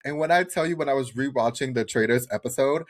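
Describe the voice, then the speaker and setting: A man co-hosting a podcast, recapping a reality show in casual chat, animated and profane, often mimicking the people he talks about. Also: mid-range voice, quick pace. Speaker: podcast co-host.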